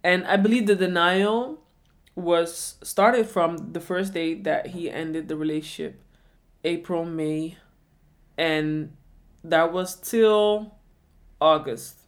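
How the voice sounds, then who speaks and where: A woman's voice: fairly low pitch, steady tone, takes it slowly. A woman in her twenties telling a personal story in a reflective way, often repeating questions to herself. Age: 20s. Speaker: vlogger.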